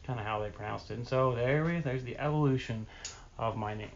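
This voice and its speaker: A man's voice: medium pitch, a little fast, gravelly, highs cut off, very noisy. A man chatting casually to camera as a vlogger, telling rambling stories about himself in a chatty way. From Appalachia, East Tennessee.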